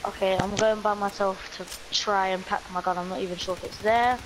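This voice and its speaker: A man's voice: high voice, little pitch movement, brisk, background noise. A man, swearing and ranting in casual gaming chat. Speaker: gamer.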